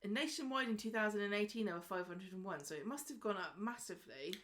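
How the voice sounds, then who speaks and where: A woman's voice: mid-range voice, animated, quick pace, a bit bright, a little hiss or hum. A woman co-hosting a soap recap podcast, chatty and teasing, who reads out statistics as she talks. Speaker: podcast co-host. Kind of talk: casual soap recap chat.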